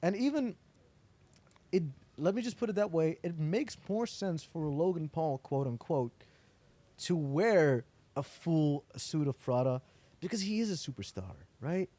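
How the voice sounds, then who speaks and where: A man talks through an interview in a casual, animated way, acting out quoted dialogue as he tells his stories. His voice sits fairly high but has a mellow, warm tone, and he swears freely. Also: measured pace, no echo. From Netherlands. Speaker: interviewee, entrepreneur.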